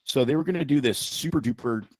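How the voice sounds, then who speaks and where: A man's voice: medium pitch, fast talker, darkish tone, no room sound. A man co-hosting a casual podcast, telling rambling jokes and stories. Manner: joking, rambling storyteller. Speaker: podcast co-host, doctor. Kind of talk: casual chat.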